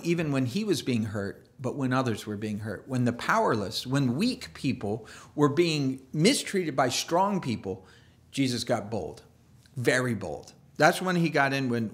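A man delivers a sermon from the pulpit in a mid-range voice, neither high nor low. He talks loosely and conversationally, doubling back on his words and dropping in playful asides. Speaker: pastor.

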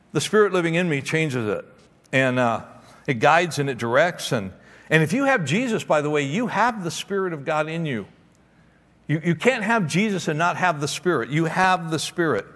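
Emphatic preacher in a reverberant hall. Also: male voice, a little high. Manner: animated, emphatic storyteller. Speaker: pastor. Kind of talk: sermon. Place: large church auditorium. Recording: long hall reverb in a church.

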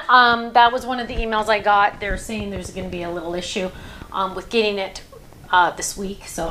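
A woman's voice: medium pitch, fairly bright tone, echoey room, slight background noise. A woman hosting a crafting show, chatting casually and rambling through stories with plenty of fillers.

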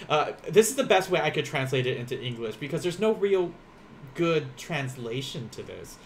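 A man's voice: on the high side, sing-song, normal speed, a little hiss or hum. Chatty man teaching Japanese. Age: 30s. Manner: chatty, rambling, laughs often, eats while teaching. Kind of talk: casual live-streamed language lesson.

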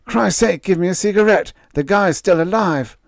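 A frantic male ground controller on the radio, pushed way up in pitch and loud, as a man reading a story puts him on. He fires off warnings in an urgent, pressing rush. Dry, close sound with no room around it. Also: normal speed, gravelly, dry recording. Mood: relieved.

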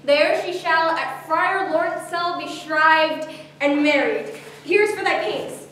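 A woman's voice: sits high, slow pace, fairly bright tone. A woman playing an eager young male lover. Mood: urgent. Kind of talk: live Shakespeare stage acting. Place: arts center hall, recorded from the audience. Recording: distant, echoey hall, faint hiss.

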